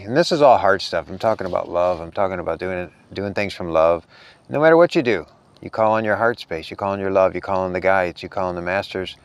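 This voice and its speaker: A man with a deep, resonant voice speaks in a soft, earnest ramble about spiritual matters. He sounds a little worn out. The delivery stays casual and unscripted. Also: clean tone. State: tired. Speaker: spiritual vlogger.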